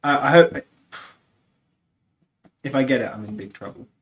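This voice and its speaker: A man's voice: medium pitch, normal speed. A man in a mid register tells loose, rambling stories in casual livestream chat, with plenty of "like" and "you know" along the way. A faint hiss sits under his voice. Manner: rambling, animated, lots of "like" and laughter. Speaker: guest sculptor.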